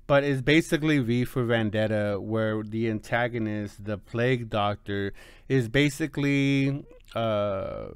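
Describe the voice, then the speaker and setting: A man talking through a movie review in a loose, rambling way, stopping and restarting often. His voice is smooth and crisp, at a middle pitch. The sound is dry and close. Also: dry recording. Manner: rambling, full of fillers and restarts. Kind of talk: casual spoken review.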